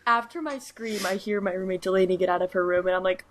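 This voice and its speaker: A woman's voice: medium pitch, animated, a little fast, slight background noise. A young woman co-hosts a casual podcast and rambles happily through a story. Her chat is loose and full of fillers. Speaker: podcast co-host.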